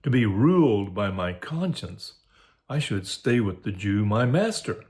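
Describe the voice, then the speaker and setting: A man's voice: fairly low pitch, big pitch swings, a little slow, a little mellow. A man reading aloud as a young male comic servant, torn between leaving his master and staying. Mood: torn, dithering. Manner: dithering, argues both sides. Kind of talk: dramatic reading of a soliloquy.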